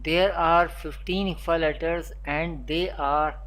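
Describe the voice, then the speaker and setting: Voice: medium pitch, steady tone, slow pace, a bit bright. A Quran teacher giving a beginner recitation lesson, naming letters one at a time and repeating spelling drills. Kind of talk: recorded beginner pronunciation lesson.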